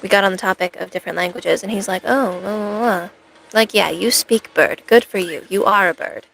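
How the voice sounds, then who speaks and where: Rambling, playful woman streamer with vocal fry. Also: mid-range voice, brisk, a bit bright, slight background noise, rough recording. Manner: rambling, playful, self-mocking asides. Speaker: cosplay streamer. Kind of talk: casual live-stream chat with viewers.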